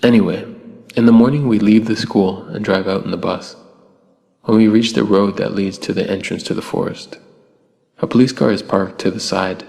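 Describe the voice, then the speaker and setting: Low, gravelly male horror narrator. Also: steady tone, normal speed, a little mellow. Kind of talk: scripted narration. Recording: long hall reverb with faint music.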